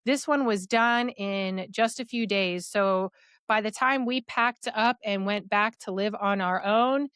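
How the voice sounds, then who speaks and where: A woman's voice: mid-range voice, a little slow, a bit bright, clear, resonant tone, dry recording, clean studio sound. A young adult woman, a podcast guest, tells a personal story in a rambling way full of "like" fillers.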